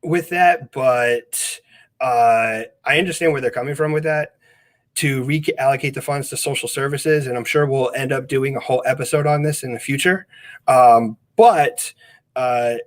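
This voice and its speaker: A man talking loosely on a podcast, circling his points with lots of ums and uhs and false starts. His voice sits at an ordinary middle pitch. It is recorded close and dry, with almost no room sound. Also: normal speed, no room sound. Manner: rambling, with many fillers and restarts. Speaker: podcast co-host. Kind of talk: casual chat.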